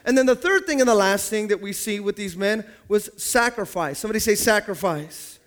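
A man's voice: high voice, lively intonation, a little fast, fairly bright tone. A man pastor preaching a sermon in church, calling on the congregation to answer back and acting out little scenes in other people's voices.

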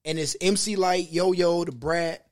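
A man's voice: sits high, steady tone, a little slow. A man telling a story in casual chat with friends, loose and slangy, often laughing as he talks.

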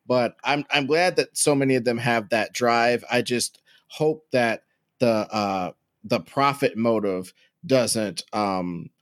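A man chatting on a podcast in a loose, rambling way, full of profanity and easy laughter. He sits at middle pitch. The sound is close and dry, with no room around it. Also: slow pace, dry recording. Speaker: podcast co-host. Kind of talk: casual chat.

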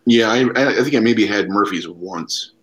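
A man's voice: fairly low pitch, moderate pace, fairly bright tone, rough recording. A man co-hosting a casual podcast chat in a laid-back, wry way. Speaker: podcast co-host.

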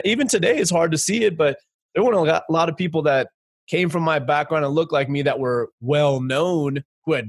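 A man in his forties, a guest entrepreneur telling his story in a casual interview, animated, laughing often, with many fillers. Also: on the high side, breathy edge, no echo, clean studio sound.

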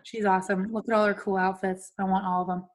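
A woman's voice: mid-range voice, flat delivery, fast talker. Chatty young woman podcast host. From California. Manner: chatty, laughing, swearing casually. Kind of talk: casual chat.

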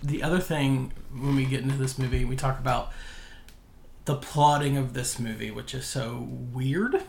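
A man's voice: medium pitch, steady tone, normal speed, creaky, darkish tone. A man co-hosting a podcast, eagerly explaining film background in casual chat. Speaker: podcast co-host. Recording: roomy echo.

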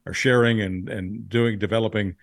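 A man giving blunt political commentary in casual podcast chat, measured with frequent fillers. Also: fairly low pitch, fairly even intonation, gravelly, no room sound, clean studio sound.

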